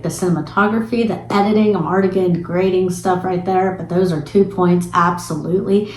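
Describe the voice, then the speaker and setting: A woman giving a casual spoiler review of a film, retelling scenes in an animated, chatty way with some casual swearing. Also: lowish voice. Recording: echoey room.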